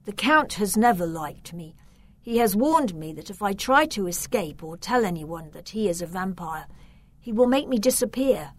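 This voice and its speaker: A woman voicing a frightened, ashamed orphan boy in a storybook reading, hushed and anxious. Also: mid-range voice, expressive, normal speed, no echo, lightly acted. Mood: sad.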